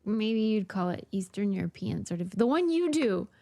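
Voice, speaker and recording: A woman's voice: mid-range voice, very animated, moderate pace, mellow. A woman co-hosting a podcast in casual chat, chatty and teasing, laughing often. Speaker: podcast co-host.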